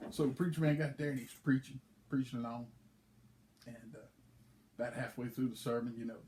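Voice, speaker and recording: A man's voice: medium pitch, fairly quick, a little hiss or hum. A man, a league commissioner, chatting casually and telling a folksy joke. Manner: folksy, relaxed storytelling.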